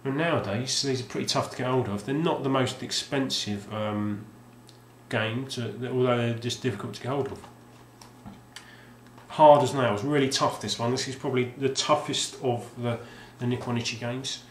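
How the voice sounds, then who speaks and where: In a roomy recording with faint ambience and a slight hiss or hum, a man of moderate pace and mid-range voice rambles about his game collection. He hesitates often, saying um and restarting his thoughts.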